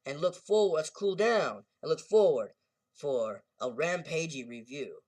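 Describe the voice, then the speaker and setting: A man's voice: a little high, expressive, measured pace, darkish tone, dry recording, far from the mic. Rambling man reviewing a movie. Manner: rambling, self-correcting retelling. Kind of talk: casual spoken movie review.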